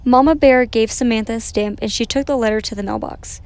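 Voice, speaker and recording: Woman storyteller, picture-book reading, gentle, slightly high voice. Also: a little fast, no room sound. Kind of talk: children's story read aloud.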